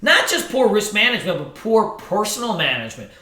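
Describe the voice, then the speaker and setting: Animated, high-voiced man teaching traders. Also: fairly quick. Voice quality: animated, profane, joking storyteller. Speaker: trading instructor. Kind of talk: live seminar talk to an audience. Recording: roomy hall echo.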